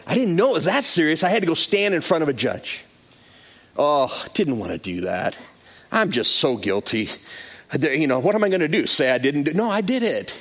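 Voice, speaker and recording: Animated male pastor preaching. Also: a little high, fast. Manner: animated, acts out the people in his stories. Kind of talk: sermon with storytelling.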